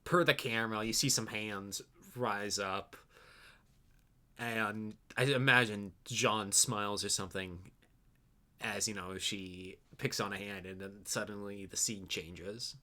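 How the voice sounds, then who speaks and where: Low, bright-voiced male game master. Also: fairly even intonation, unhurried. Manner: casual, fillers like "you know". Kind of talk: narrating a tabletop game.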